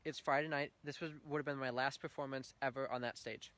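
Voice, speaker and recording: A man's voice: medium pitch, steady tone, brisk, a bit bright. A young man giving an earnest, heartfelt personal faith testimony at church, telling his story with swells of feeling.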